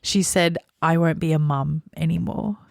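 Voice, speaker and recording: A woman's voice: low-pitched, steady tone, moderate pace, gravelly, no room sound, clean studio sound. A woman co-hosting a book podcast, chatting loosely and reading passages with feeling. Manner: chatty, many "like" fillers, emotional when reading. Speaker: podcast co-host. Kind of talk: casual book discussion with read-aloud passages.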